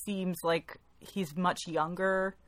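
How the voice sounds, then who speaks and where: A woman's voice: on the low side, fairly even intonation, takes it slowly. A woman co-hosting a casual podcast about a novel, often laughing and reading passages aloud. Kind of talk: casual book club podcast chat.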